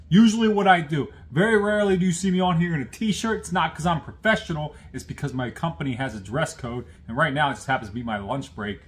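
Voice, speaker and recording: A man hosting a casual unboxing video, chatty and self-deprecating, full of quick asides. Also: on the high side, lively intonation. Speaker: host of an unboxing series. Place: at work on a lunch break.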